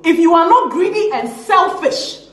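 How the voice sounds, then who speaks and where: A woman's voice: very high-pitched, expressive, unhurried, fairly bright tone, echoey room. A woman with a Ghanaian English accent, an activist ranting on a social media video in an impassioned, confrontational way and mixing in Twi phrases. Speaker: activist campaigner.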